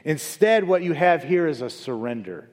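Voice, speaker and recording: A man preaching a sermon as pastor. He swings between loud, high emphasis and low, quiet asides. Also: lively intonation, normal speed. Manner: rises loud and high for emphasis, then drops low and soft. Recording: long hall reverb.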